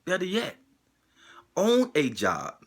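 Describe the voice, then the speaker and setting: A man's voice: sits high, huge pitch swings, takes it slowly, slightly rough. A man delivering an emotional spoken monologue, driving it forward with the same pointed rhetorical question again and again.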